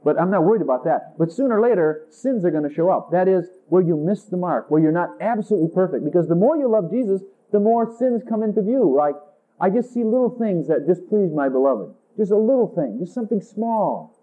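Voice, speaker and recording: A man preaches a sermon in an intimate way, speaking expressively and briskly. He acts out dialogues with Jesus, taking a higher voice for them, and the recording sounds tinny, like a phone.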